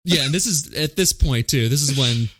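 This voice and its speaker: A man's voice: medium pitch, lively intonation, normal speed, a bit bright. A man co-hosting a movie podcast, talking casually with plenty of swearing and acted-out quotes. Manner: profane, jokey, acts out quotes. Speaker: podcast co-host. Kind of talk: casual movie-review chat.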